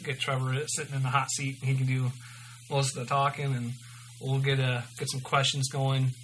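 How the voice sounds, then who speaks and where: A man's voice: medium pitch, monotone, moderate pace, a bit bright, slight background noise, low-quality recording. A man hosting a podcast, reading his own story aloud and signing off loosely with lots of ums. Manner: loose and informal, many ums. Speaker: podcast host.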